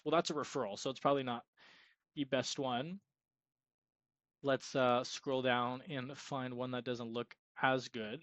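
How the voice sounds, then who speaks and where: A man's voice: on the high side, dry recording, dull audio. A young man giving an upbeat, salesy screen-share tutorial on freelance web design, sometimes acting out sample sales calls. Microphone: screen-recording mic.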